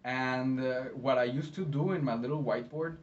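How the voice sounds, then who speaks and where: Friendly man, distant lo-fi sound. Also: mid-range voice. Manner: friendly, encouraging, pauses often mid-sentence. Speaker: medical interpreter. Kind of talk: educational talk to camera. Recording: slightly distant, dull lo-fi sound, faint noise.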